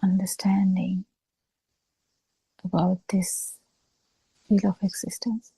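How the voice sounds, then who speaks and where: A woman giving a slow, halting dharma talk over a video call, pausing often as she explains. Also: medium pitch, level tone, warm tone, slightly rough, dry recording, poor audio. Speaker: Buddhist teacher.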